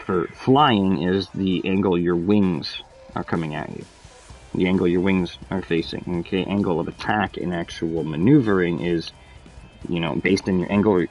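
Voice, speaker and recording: Low, gravelly male streamer, loose profane play-by-play. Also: darkish tone, poor audio. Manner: rambling, profane, explains as he plays. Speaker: gameplay streamer. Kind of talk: casual gameplay commentary.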